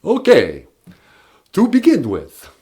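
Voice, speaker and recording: A man's voice: sits high, wildly swooping pitch, takes it slowly, mellow, breathy edge, pitched above the performer's own voice, heavily acted. A man putting on a grand Transylvanian count. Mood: grandly polite. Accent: put-on Transylvanian. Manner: grand, stagey, bursts of "ah, ah, ah" laughter. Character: theatrical counting vampire, male, adult, courtly.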